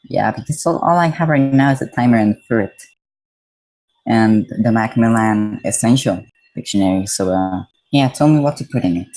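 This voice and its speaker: Mellow-voiced man reading a dictionary aloud. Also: fairly low pitch, normal speed, faint music behind, rough recording. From Mexico. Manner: reads definitions aloud, breaking off to chat casually with viewers. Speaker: streamer.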